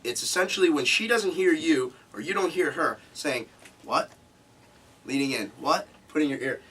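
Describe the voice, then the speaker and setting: A man's voice: on the high side, animated, brisk, fairly bright tone, husky. A man teaching a live seminar to a group, emphatic and repeating key points, recorded from a distance. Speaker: seminar instructor.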